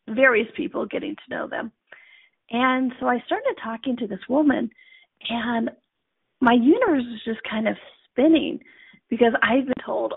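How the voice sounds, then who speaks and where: A middle-aged woman hosting a show, telling a casual story in a chatty, animated way and laughing often. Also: a little high, creaky, husky, no echo. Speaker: host. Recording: tinny phone-line sound.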